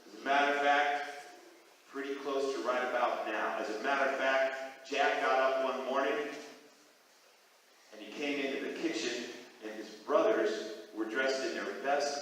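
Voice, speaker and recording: A man storyteller narrating a folktale at a school assembly, animated and addressing the children directly. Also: fairly high pitch. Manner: animated, talks directly to the kids. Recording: echoey hall from far off.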